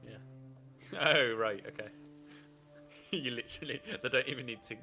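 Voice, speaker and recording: A man's voice: medium pitch, a little slow, bright, forceful tone, soft background music. A man with a Birmingham accent, a game streamer bantering casually and reacting to the game as he plays. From England. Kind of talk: casual chat while playing a game.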